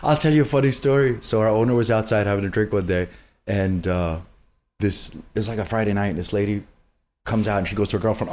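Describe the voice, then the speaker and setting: A man with a very low voice talks through his years behind the bar in loose, chatty fashion. He tells stories with energy and slips into other people's voices when he quotes them. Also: fast talker. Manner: animated, acts out quoted people. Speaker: bar and restaurant group manager. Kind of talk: casual conversational storytelling.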